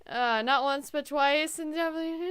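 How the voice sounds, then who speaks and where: A woman's voice: sits high, normal speed. A young woman streamer reading a dating sim aloud and reacting to it dramatically. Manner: dramatic, loud outbursts between quiet reading. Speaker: game streamer.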